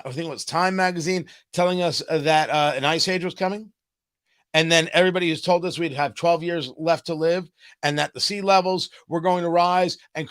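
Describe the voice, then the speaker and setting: A man hosting a political talk show, delivering a sarcastic, mocking commentary monologue. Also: a little high. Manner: sarcastic, animated, mocking asides.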